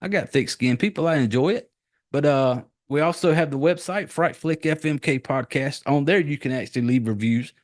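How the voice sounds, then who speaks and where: A man's voice: a little high, normal speed. A man hosting a podcast, talking in a crude, profane, rambling way with lots of fillers and restarts. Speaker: podcast host. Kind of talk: casual rambling podcast monologue.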